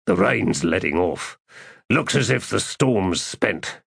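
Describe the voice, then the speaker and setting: A man's voice: sits low, expressive, takes it slowly, gravelly, fairly bright tone, husky, no room sound, heavily acted. A man voicing a dry, understated male guard. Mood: wry.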